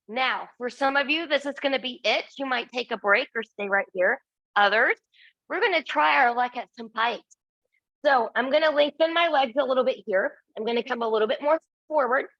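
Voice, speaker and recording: A woman's voice: sits high, normal speed, a bit bright, no room sound, highs cut off. A woman instructor guiding a Pilates class, counting reps and giving encouraging cues, a little out of breath. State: slightly out of breath.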